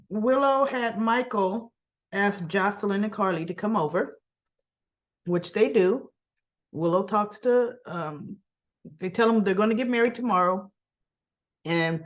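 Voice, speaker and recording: Woman, soap recap vlogger, slow unhurried delivery, muffled lo-fi sound. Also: mid-range voice. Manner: slow, chatty, acts out both sides of dialogue, frequent throat clearing. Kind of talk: casual recap retelling scenes.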